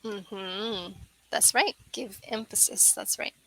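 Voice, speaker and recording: A woman tutoring over a video call, explaining pronunciation patiently and clearly and often checking with "right?". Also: mid-range voice, slow pace, pushed and bright, low-quality recording. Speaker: English tutor. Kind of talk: online English lesson.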